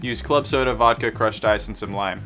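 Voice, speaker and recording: Bright-voiced Southern man rambling at the bar. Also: lowish voice, moderate pace, faint music behind. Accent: Southern American. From American South. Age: 20s. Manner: rambling, self-deprecating, jokey asides. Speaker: bartender streamer. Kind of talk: casual chat while mixing drinks.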